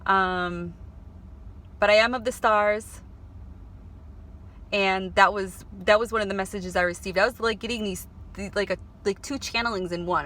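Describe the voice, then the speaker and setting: A woman vlogging about spiritual messages and her father, speaking earnestly and emotionally, with halting restarts. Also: mid-range voice, pushed and bright. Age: adult, married. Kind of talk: spiritual vlog monologue. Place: before going to work.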